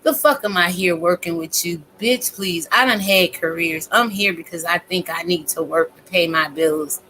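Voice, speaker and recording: Blunt, bright-voiced woman in her fifties. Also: lowish voice, normal speed, slight background noise, poor audio. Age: 50s. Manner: blunt, emphatic, heavy cursing. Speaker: vlogger. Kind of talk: profane casual rant.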